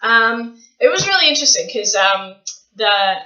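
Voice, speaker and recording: A Canadian woman vlogging casually from a small room at home, chatty, rambling and gushing with excitement. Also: on the high side, normal speed, roomy sound, highs cut off. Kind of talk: casual vlog chat.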